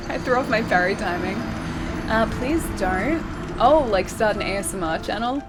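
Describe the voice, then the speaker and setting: A woman's voice: mid-range voice, lively intonation, normal speed, over music. A woman streamer chatting casually while she plays a game, reading viewer messages aloud and laughing often. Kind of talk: casual live-stream chat while gaming.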